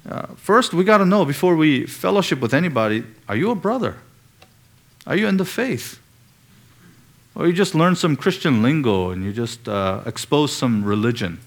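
A man preaching an expository sermon, asking the congregation pointed rhetorical questions and pressing on key words. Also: medium pitch.

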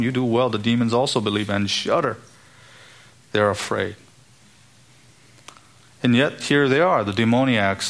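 A man's voice: fairly low pitch, a bit bright. A man preaching an expository sermon in an earnest, emphatic way, now and then acting out the voices he quotes.

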